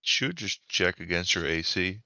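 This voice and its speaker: A man's voice: deep voice, expressive, unhurried, pushed and bright, no room sound. A man playing a tabletop game, making wry, dry asides. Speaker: player.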